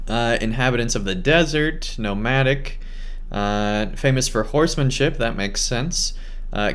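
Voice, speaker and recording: A man giving casual let's-play commentary as a gaming host, excited and chatty with many fillers. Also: medium pitch. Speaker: gaming YouTuber.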